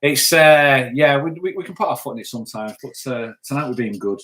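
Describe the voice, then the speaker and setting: A middle-aged man co-hosting a casual live stream. He reads viewers' comments out loud, thanks people by name and cracks jokes along the way. His voice sits at an ordinary pitch for a man. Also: lively intonation, fairly quick.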